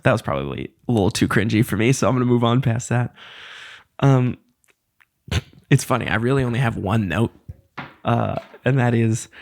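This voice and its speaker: A man's voice: mid-range voice, normal speed, creaky. A man around thirty hosting a casual solo podcast, rambling and self-deprecating in a loose, conversational way. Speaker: podcast host.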